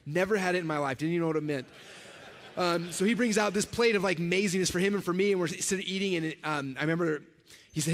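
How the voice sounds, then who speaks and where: A man giving a storytelling keynote at a conference. He talks in an animated way and acts out the voices of the people in his stories. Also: high voice, fast talker. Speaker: conference speaker. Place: large event hall with a live audience. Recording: reverberant hall recording.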